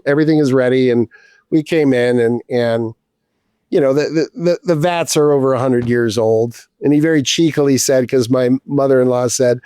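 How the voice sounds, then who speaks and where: A man's voice: mid-range voice, a little mellow, clean tone, no echo, clean studio sound. A man in his fifties, a distiller guest, telling a casual story with a rambling flow, many restarts and casual swearing.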